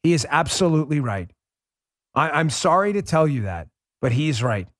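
A man's voice: very animated, normal speed, no room sound, clean studio sound. Angry ranting male political host. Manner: heated, scornful ranting with sudden drops to a low mutter. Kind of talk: political commentary monologue.

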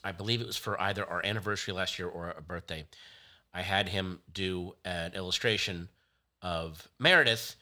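A man's voice: low-pitched, pushed and bright. Rambling man co-hosting a podcast. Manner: rambling, halting, full of fillers and teasing. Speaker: podcast co-host. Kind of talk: casual chat.

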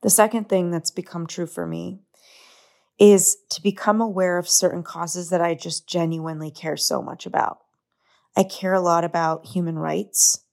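Gravelly-voiced earnest woman podcaster. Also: on the low side, fairly even intonation, moderate pace, a little mellow. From United States. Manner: earnest, open, confiding. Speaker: podcast host. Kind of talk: solo reflective podcast monologue.

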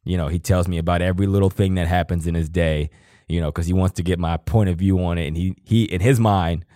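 A man's voice: deep voice, steady tone, fast talker, mellow, no room sound, clean studio sound. A man in his thirties co-hosting a podcast, talking casually and from the heart, rambling and swearing freely. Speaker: podcast co-host. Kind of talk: casual emotional conversation.

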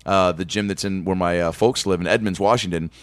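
A man's voice: deep voice, a little fast, dry recording. A man hosting a comedy podcast, telling stories animatedly with plenty of swearing. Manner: animated, profane, storytelling. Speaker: podcast host. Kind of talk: casual comedy podcast banter.

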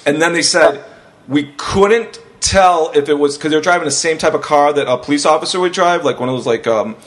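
A man's voice: fairly high pitch, fairly quick. A man who is a stand-up comedian tells a long anecdote in casual podcast chat, rambling, swearing and laughing as he goes. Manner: rambling, profane, laughs through the story.

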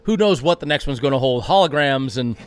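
A man's voice: medium pitch, lively intonation, brisk, smooth. Brash, rambling man as an interview guest. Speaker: racing driver guest. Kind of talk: interview answers.

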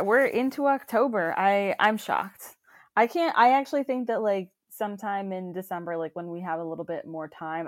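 A woman's voice: on the low side, no room sound. A young woman co-hosting a podcast in casual, rambling chat full of fillers and restarts. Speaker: podcast co-host.

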